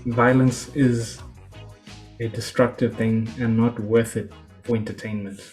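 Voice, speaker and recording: Calm, moralizing male host. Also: mid-range voice, unhurried, faint music behind. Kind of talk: reaction commentary.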